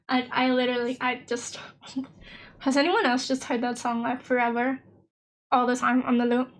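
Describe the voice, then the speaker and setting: A woman's voice: sits high, flat delivery, normal speed, pauses often. A young woman streaming a game, chatting casually and giggling, often trailing off mid-thought. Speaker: vtuber streamer.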